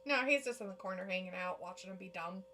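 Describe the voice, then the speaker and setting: A woman's voice: mid-range voice, quick pace, sharp tone, a little hiss or hum. A woman co-hosting a casual live watch-along of a wrestling show, reacting, laughing and reading chat comments aloud.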